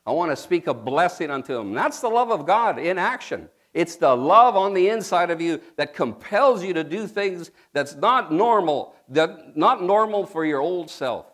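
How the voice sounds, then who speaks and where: A man's voice: a little high, lively intonation, moderate pace, few pauses, fairly bright tone. A man preaching a sermon, emphatic and emotional, calling out for the congregation to respond and spelling out key words. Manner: laughs and tears up when moved.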